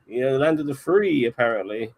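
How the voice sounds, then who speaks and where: A man's voice: medium pitch, animated, fast, a loud crowd. A man joining a casual political discussion who talks loosely and uses a lot of slang.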